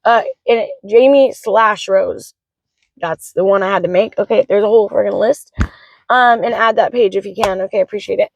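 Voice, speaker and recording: A woman's voice: medium pitch, moderate pace, gravelly, lo-fi sound. A young woman and mother venting in an emotional vlog, talking frankly with plenty of swearing. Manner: vents in a frank, swearing rush. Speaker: vlogger, mother of three.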